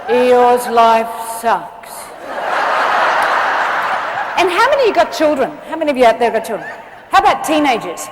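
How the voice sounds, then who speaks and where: A woman giving a humorous motivational keynote to a live audience, chatty and animated, laughing often and asking the crowd questions. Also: on the high side, normal speed, pauses often, long reverb tail, background noise. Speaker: motivational speaker. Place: live event before an audience.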